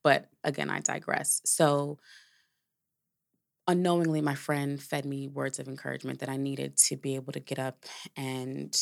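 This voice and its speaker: Woman doing a solo podcast, low voice with lots of vocal fry, just talking it through candidly. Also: flat delivery, normal speed. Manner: candid and reflective, with swearing and filler words. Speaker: podcast host. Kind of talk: casual storytelling monologue.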